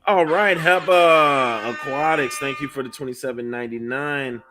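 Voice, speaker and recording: Male stream host, mid-pitched, lively and chatty, with faint music playing underneath. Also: normal speed. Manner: upbeat, reads viewer donations aloud. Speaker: livestream host. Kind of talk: casual livestream chat.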